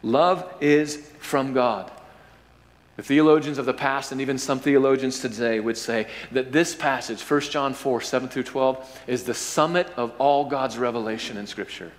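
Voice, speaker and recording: A male pastor preaching a sermon, with emphatic, drawn-out stresses and rhetorical questions. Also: mid-range voice. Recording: hall reverb.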